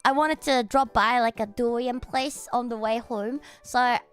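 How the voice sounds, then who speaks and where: A woman livestreamer telling stories to her chat in a casual, animated way, swearing freely. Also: fairly high pitch, moderate pace, clean tone, faint music behind.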